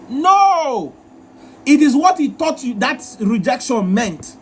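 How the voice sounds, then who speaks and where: A man's voice: very high voice, sing-song, measured pace, a little hiss or hum. A man hosting a live relationship advice session, talking in a repetitive, emphatic, lecturing way. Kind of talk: live-stream advice talk.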